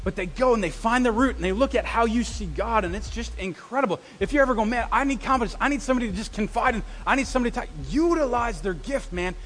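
Male pastor, higher voice, sermon in a reverberant church, humorous storyteller. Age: adult with a wife, past graduate study. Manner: lively storytelling with self-deprecating humor. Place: church sanctuary. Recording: long reverb of a church hall.

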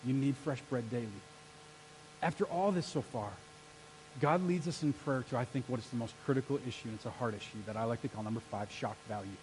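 A man preaching a sermon as pastor, energetic and rallying his congregation to answer back. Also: medium pitch, fairly quick, slight background noise, rough recording. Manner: energetic, rallies the congregation with call-and-response. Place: church sanctuary.

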